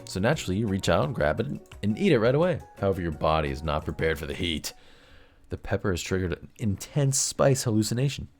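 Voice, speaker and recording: Low-voiced guy doing a let's play, reading the game text out loud, super animated delivery, jokey. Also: fast talker, soft background music. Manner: joking, reads the game text in a lively way. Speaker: gamer reading a visual novel aloud. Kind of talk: casual let's-play narration.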